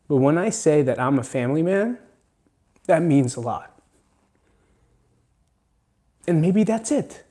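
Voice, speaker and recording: This podcast host has a warm, somewhat high voice with lively intonation, and he talks slowly with frequent pauses. Alone at the mic, he's earnest and emphatic, curses a lot, and seems near crying.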